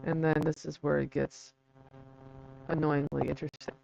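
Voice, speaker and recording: The muffled recording carries a faint hiss or hum. This explainer host's gravelly, darkish voice is medium in pitch and flat, at normal speed, as he reads passages, spells words letter by letter, and laughs at himself in chatty asides.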